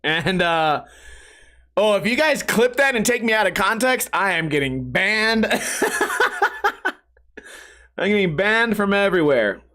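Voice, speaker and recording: A man's voice: high voice, expressive, normal speed, bright, forceful tone. A young man hosting a solo podcast, ranting sarcastically with lots of swearing and mocking impressions of commenters. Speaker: podcast host.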